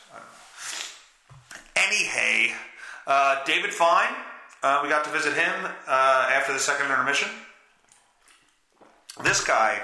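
Stuffy-nosed male podcast host, bright voice, swearing and self-mocking. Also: a little high, echoey room. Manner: profane, self-deprecating, rambling. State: stuffy nose. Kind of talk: casual rambling monologue.

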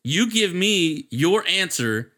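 A man hosts a casual podcast, swearing freely and laughing through his stories. His voice sits slightly high and sounds bright and forceful. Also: very animated, slow. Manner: laughing, profane storyteller. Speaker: podcast host. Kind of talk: casual chat.

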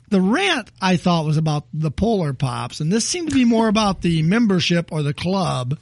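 Teasing man with a lively high voice. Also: a little slow, gravelly, dry recording. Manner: teasing, playful judge of rants. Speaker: podcast co-host. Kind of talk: casual chat.

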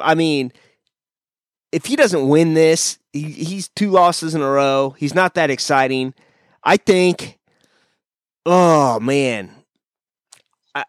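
A man with a medium-pitched voice hosts a podcast, chatting casually and bluntly about fight picks over a video call. He is opinionated and talks through fighters' records, and the recording is dry with clean studio sound.

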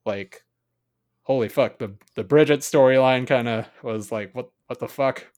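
A man's voice: medium pitch, moderate pace, a little mellow. A man co-hosting a casual podcast, ranting sarcastically about a movie, swearing often and rambling. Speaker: podcast co-host.

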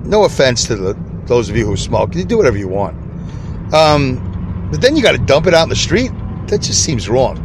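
A man's voice: mid-range voice, sing-song, normal speed. A man hosting an unscripted solo podcast from inside his car, chatty and rambling, easily sidetracked. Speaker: podcast host. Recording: car interior with traffic noise. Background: traffic and street noise.

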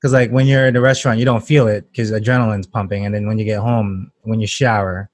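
A man's voice: on the low side, little pitch movement, fast, no room sound. A man who works as a cook, chatting casually on a podcast, swearing freely and laughing often. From Canada. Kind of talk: casual chat.

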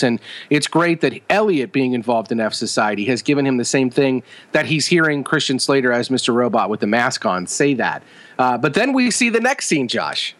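A man co-hosting a casual chat, retelling scenes with animated enthusiasm and lots of fillers. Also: medium pitch, normal speed. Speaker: podcast co-host.

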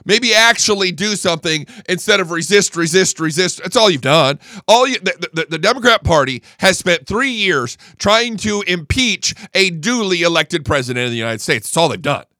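A combative male talk host rants with a high, swinging voice that jumps all over. His tone is bright and edgy, and he swears freely and stumbles over repeated words when heated. The sound is close and dry. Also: animated, normal speed, hardly any pauses, no echo. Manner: angry, combative, swears a lot. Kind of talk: political talk show rant.

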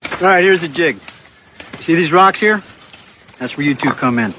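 An actor playing a bossy male guard who gives loud, curt, threatening orders to prisoners in a TV drama. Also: on the high side, lively intonation, normal speed, slight background noise, poor audio. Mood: commanding. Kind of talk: TV drama acting.

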